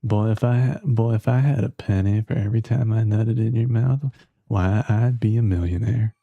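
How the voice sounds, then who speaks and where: A man's voice: on the low side, moderate pace, creaky, dry recording, dull audio. A man putting on a Southern American accent to voice a folksy man delivering a saying. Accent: put-on American Southern.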